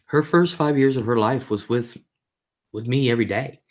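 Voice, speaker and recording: A middle-aged woman hosts a casual live stream, reading viewer comments and telling chatty family stories, repeating herself for emphasis and mimicking voices as she retells family moments. She has a bass voice, a little mellow, at normal speed.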